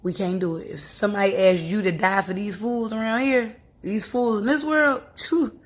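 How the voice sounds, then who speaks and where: A woman's voice: medium pitch, steady tone, normal speed. A young woman vlogging to camera, talking earnestly and encouragingly about faith and grief, with frequent laughs. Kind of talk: casual heartfelt talk to camera.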